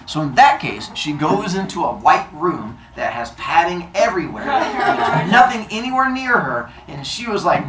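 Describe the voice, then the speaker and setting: A man's voice: high-pitched, very animated, normal speed, hardly any pauses, fairly bright tone, echoey room, distant mic, a little hiss or hum. A male teacher telling myths to his class, playful and acting out scenes with sound effects. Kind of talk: classroom storytelling.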